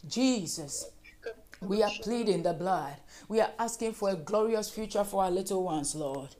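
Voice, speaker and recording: A woman's voice: mid-range voice, lively intonation, moderate pace, dark tone. A woman leading fervent group prayer, repeating petitions and breaking into speaking in tongues. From Africa. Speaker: prayer leader.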